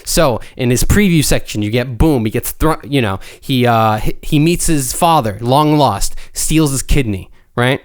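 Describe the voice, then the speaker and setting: A man's voice: mid-range voice, normal speed, few pauses, smooth. Young man rambling through a story. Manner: rambling, profane, excitable storytelling. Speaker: podcast co-host. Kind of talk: casual chat.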